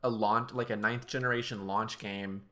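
A man with a bright, forward tone co-hosts a casual podcast chat. He reads out parts of an article and thinks aloud, repeating words as he works his ideas out. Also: on the low side, steady tone. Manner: reads from an article, pauses and restarts while thinking. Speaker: podcast co-host.

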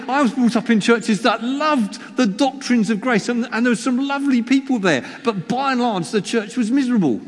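A male preacher giving a chatty sermon, teasing the congregation and poking fun at himself. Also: high-pitched. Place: church hall. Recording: long reverb of a church hall.

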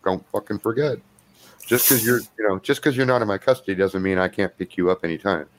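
A grumbling, menacing police officer, voiced by a man in a tabletop game. His voice sits low and gruff, with an edge of threat in it. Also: fast talker, close to an everyday voice. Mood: threatening.

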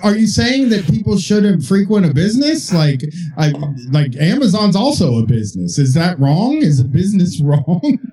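A man's voice: high voice, very animated, normal speed, warm tone, slightly rough. A man hosting a casual comedic podcast, reading out documents and riffing on them sarcastically.

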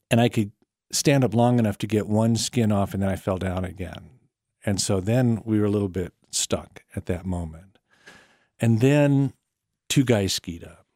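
A man telling a personal story in an unhurried, wry way, with small quiet laughs between lines. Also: lowish voice, no room sound, studio quality. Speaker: storyteller guest. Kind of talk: personal story told to an interviewer.

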